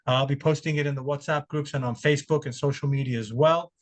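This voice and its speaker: A man's voice: mid-range voice, steady tone, fast talker. A man hosting a webinar over a video call, talking loosely and often repeating his words. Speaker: webinar host. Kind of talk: casual webinar chat.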